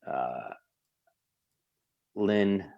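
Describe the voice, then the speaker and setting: Deep-voiced man reasoning aloud. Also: lively intonation, drawn-out words, gravelly, highs cut off. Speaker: player. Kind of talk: casual game talk.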